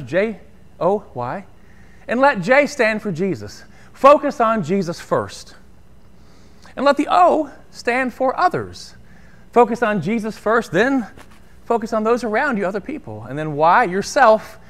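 Pastor guy giving a casual sermon, higher voice, lots of up and down. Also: sing-song, unhurried, a bit bright. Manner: conversational, asks "right?" often.

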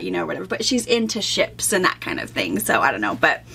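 A woman co-hosting a casual chat, animated and quick with her replies. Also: fairly high pitch, creaky, husky. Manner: animated, quick backchannel responses.

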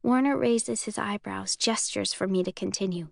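A woman narrates an audiobook in the first person, in a measured, even tone at a middling pitch. The recording is dry and close, with no room sound. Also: creaky, no echo.

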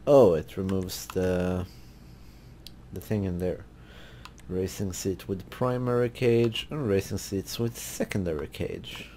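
A man hosting a gaming video, relaxed and thinking aloud as he browses car parts in casual commentary. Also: sits low, slow pace, slight background noise. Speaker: gaming channel host.

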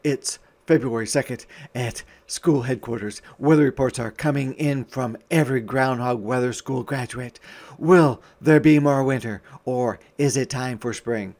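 A man's voice: medium pitch, unhurried, a little mellow. A male teacher giving an interactive read-aloud for young children, asking questions and answering his own prompts.

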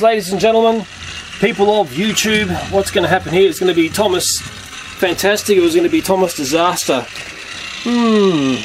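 High-voiced chatty man over whirring noise. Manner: chatty, talks to viewers and to the toy, chuckles often. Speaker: toy reviewer. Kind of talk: casual hands-on toy demonstration.

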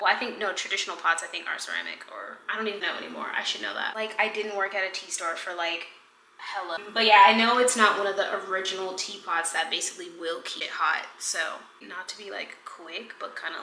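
A woman's voice: medium pitch, sharp tone, slight background noise. A woman casually chatting and rambling playfully as she makes tea at home for her vlog. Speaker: lifestyle vlogger. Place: home kitchen, indoors. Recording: roomy home echo with background music. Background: music playing.

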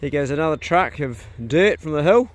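A man's voice: fairly high pitch, animated, moderate pace. A man chatting casually as he walks around his rural property, filming on his phone and talking to his animals. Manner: easygoing, rambling commentary with pet talk. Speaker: homestead vlogger. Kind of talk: casual filmed walk-and-talk. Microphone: phone held while walking.

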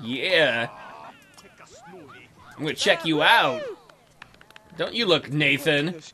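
Excitable young man narrating gameplay. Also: a little high, slow. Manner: excitable, animated, joking, voices the game characters' lines. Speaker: let's play gamer. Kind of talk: casual gameplay commentary.

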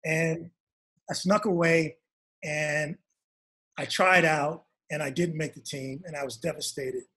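A man's voice: a little high, fairly even intonation, measured pace, sharp tone, husky. A man, an author and guest, telling a long personal story in an interview and acting out his parents' lines.

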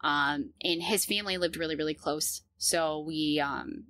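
A woman in her thirties telling a personal story in an earnest, halting way, with many fillers and restarts. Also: deep voice, fairly bright tone, no room sound.

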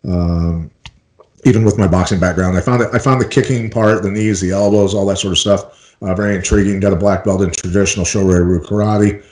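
A middle-aged man from Iowa, a former fighter and interview guest, telling his story in a relaxed, rambling way with many fillers and restarts. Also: sits low, fairly quick, echoey room, poor audio. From Iowa, United States.

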